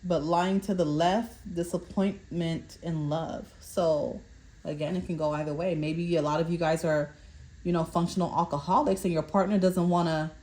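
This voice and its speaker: Casting: woman, lower voice, casual spiritual card reader, keeps asking "okay?". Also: steady tone, moderate pace, darkish tone. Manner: repeats "okay?" to check in with viewers; stumbles over card meanings while reading them aloud. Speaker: tarot reader. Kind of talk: collective card reading.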